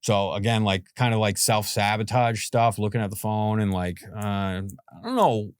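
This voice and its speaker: A man's voice: lowish voice, normal speed, clear, resonant tone, no room sound, clean studio sound. A man in his forties from Boston, a podcast guest telling a story in a rambling, casual way, full of "like" and "you know" and the odd swear word. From Boston, USA.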